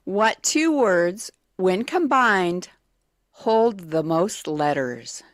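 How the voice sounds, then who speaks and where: A woman's voice: medium pitch, expressive, drawn-out words, no echo. Radio woman reading trivia, dry sound. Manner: hesitant, with many fillers. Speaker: morning radio co-host. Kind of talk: reading trivia questions on air. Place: radio studio.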